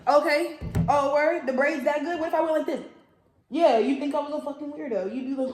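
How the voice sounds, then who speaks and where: A young woman hosting a tarot channel, talking in a casual, rambling and profane way with animated jokey asides. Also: high voice, fairly quick. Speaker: tarot reader and channel host. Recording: echoey room.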